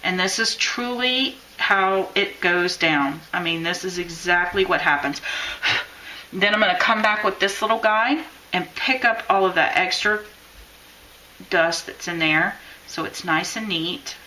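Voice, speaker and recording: In this rough-sounding live-stream tutorial with slight background noise, a woman works on chalk lettering while chatting and offering encouragement. Her voice is fairly low and sharp, and her pace is measured.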